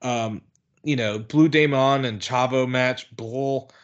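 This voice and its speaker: A man's voice: medium pitch, takes it slowly, muffled recording. A man guesting on a podcast, talking in a hesitant, subdued way that trails off. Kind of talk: casual podcast chat.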